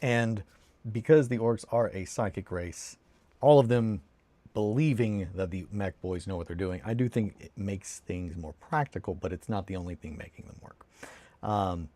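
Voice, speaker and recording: On a hobby stream, a man builds models while chatting casually, rambling, swearing freely and breaking off mid-sentence. His fairly low voice is warm and at normal speed, captured by a close desk mic with no echo.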